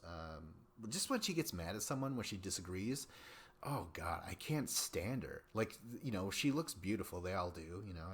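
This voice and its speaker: Male podcast host, young adult, low-ish voice, casual rambling delivery, swears a lot. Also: fairly bright tone. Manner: rambling, profane, chatty with many fillers. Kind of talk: casual solo recap chat.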